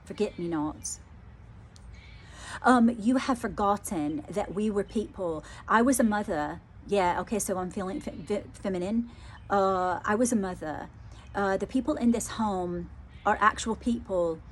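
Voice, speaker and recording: A woman's voice: mid-range voice, moderate pace. Woman medium with a mid-range voice giving a hesitant, emotional channelling reading over faint noise. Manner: hesitant, repeats phrases, many fillers. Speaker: psychic medium. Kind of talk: live psychic channelling reading.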